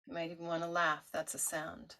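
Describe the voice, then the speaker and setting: Woman gently coaching a vocal toning practice. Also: completely flat delivery, brisk. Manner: gentle coaching, demonstrates high owl-like hoo tones. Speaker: meditation teacher. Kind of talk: guided toning instruction.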